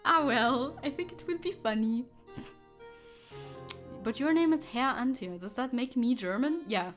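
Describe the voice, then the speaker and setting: A woman's voice: sits high, expressive, unhurried, pauses often. Woman, streamer, giggly, chatty, casual swearing, faint background music. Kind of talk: casual gameplay chat with viewers.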